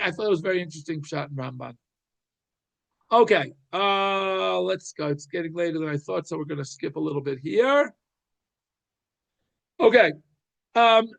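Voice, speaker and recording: A man's voice: high voice, creaky, fairly bright tone. A man giving a weekly Torah class, reading Hebrew commentary and explaining it in English, acting out the pleading crowd in casual speech. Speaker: Torah teacher.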